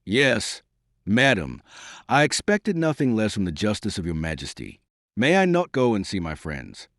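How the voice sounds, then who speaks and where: A man reading the lines of a calm, dignified nobleman in an audiobook. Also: on the low side, moderate pace, no room sound, clean studio sound, full character voice. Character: dignified proud nobleman, calm, middle-aged.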